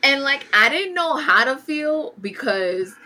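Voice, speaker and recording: A woman telling an animated, laughing story in casual chat among friends. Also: high voice, a little slow, a loud crowd.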